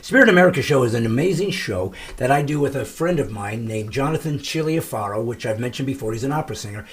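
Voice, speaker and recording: A middle-aged man hosting his comedy podcast, telling stories with emphatic, shouted punchlines. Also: mid-range voice, animated, fast. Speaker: comedian host. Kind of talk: comedic podcast monologue and banter.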